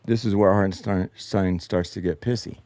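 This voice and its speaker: A man's voice: deep voice, fairly even intonation, normal speed, mellow, no room sound. A man hosting a post-game show, breaking down replays with frustrated, sarcastic and heavily profane commentary from his basement. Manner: frustrated, sarcastic, swears a lot. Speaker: show host. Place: home basement.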